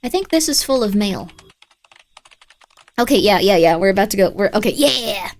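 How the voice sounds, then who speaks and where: A woman's voice: medium pitch, expressive, moderate pace. A woman streaming a game live, chatting playfully, scolding her pet and bantering with her viewers as she plays. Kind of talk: casual live-stream gameplay commentary.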